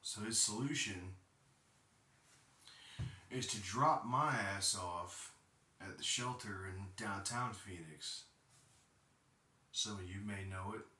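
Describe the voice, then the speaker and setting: A very low-pitched man in his thirties tells his own story in a blunt, profane way, heated at times. His voice has a bright, forceful edge. He sits some way from the mic in an echoey room. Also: takes it slowly, pauses often. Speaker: podcast host. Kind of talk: personal storytelling monologue. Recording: roomy sound, distant from mic.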